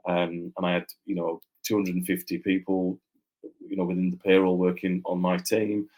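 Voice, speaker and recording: A man's voice: deep voice, flat delivery, normal speed, darkish tone. A middle-aged man from Yorkshire, a podcast guest, reflecting on his career in casual, rambling talk with many fillers and restarts. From Yorkshire, England. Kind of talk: casual interview chat.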